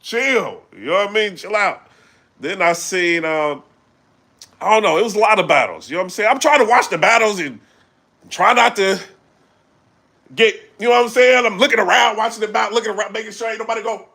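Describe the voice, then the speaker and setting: A man chatting casually on a live stream, animated and full of fillers, breaking into loud shouts when he gets excited. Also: sits high, a little fast. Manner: animated, loose, full of fillers like "you know what I'm saying". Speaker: battle rap commentator.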